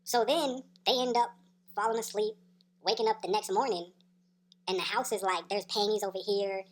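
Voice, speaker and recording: A woman's voice: medium pitch, fairly even intonation, moderate pace. A woman telling a wild personal story in a casual, profane, slangy way, tagging her sentences with "right?" and laughing between beats. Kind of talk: casual story time monologue.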